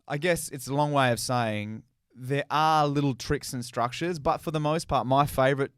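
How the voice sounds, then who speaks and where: A man's voice: medium pitch, normal speed, clear, resonant tone, no room sound, clean studio sound. A man with an Australian accent, a stand-up comedian and podcast guest. He chats casually, swears freely and acts out his exchanges with the crowd.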